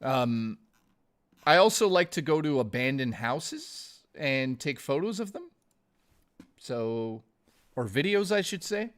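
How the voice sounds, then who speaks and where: A man's voice: mid-range voice, sing-song, takes it slowly, long pauses, fairly bright tone. A man streaming live, chatting casually and ramblingly with viewers, swearing often and calling them dude and guys. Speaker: gaming streamer.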